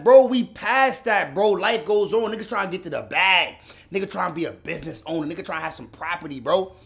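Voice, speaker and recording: Man, high voice, very lively pitch, slangy reaction host, faint music behind. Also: brisk, creaky. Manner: animated, slangy, pitch jumps and near-shouts when worked up. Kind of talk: casual reaction commentary.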